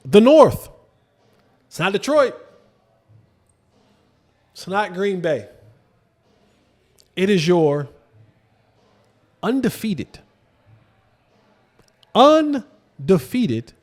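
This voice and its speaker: A man hosting a sports show, talking casually about football with lively swings and rhetorical questions to viewers. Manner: animated, drops to low emphatic asides, rhetorical questions to viewers. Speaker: sports podcast host. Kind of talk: casual football commentary to camera.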